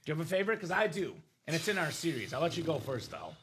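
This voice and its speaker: A man's voice: on the high side, fast talker, husky. A man hosting a live trading card break stream, chatting with his co-host and explaining the rules to viewers. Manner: animated, explains rules to chat. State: coughing, losing his voice. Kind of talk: live stream sales chat.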